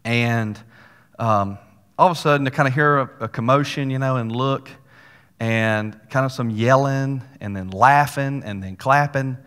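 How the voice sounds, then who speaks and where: A man with a drawl delivers a sermon as a folksy story, tossing in little asides to his church. His voice carries a long reverb through a church sanctuary, with a pitch that sits right in the middle for a man. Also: measured pace, fairly bright tone, smooth. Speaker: pastor.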